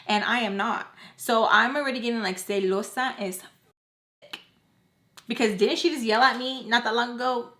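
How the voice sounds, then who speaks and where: A woman's voice: fairly high pitch, fairly even intonation, moderate pace, pushed and bright. A young woman telling a personal storytime in a casual, emotional way, full of fillers like "like" and acting out what others said. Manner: filler-heavy, emotional, quotes others' voices. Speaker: storytime vlogger.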